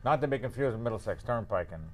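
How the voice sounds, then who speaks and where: A man's voice: lowish voice, lively intonation, quick pace. Wisecracking New man hosting. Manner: teasing, wisecracking, laughs often. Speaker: variety show host. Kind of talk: joking local cable show banter. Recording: faint room noise.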